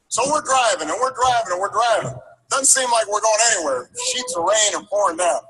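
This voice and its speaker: A man giving a storytelling speech, building rhythm with repeated phrases and halting restarts. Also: sits high, big pitch swings, bright, forceful tone, slight background noise, low-quality recording. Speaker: political speaker.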